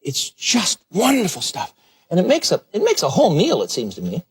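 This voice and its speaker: A man's voice: high-pitched, wildly swooping pitch, brisk, breathy edge. A middle-aged man hosting a televised cooking show from a galley-style kitchen, gushing over each dish as he demonstrates it. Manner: effusive, exclaims over the food.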